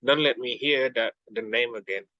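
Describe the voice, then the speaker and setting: A young man voicing an easily offended little mouse in a storybook reading, indignant and shrill. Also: normal speed, bright, forceful tone, dry recording, dull audio, natural voice.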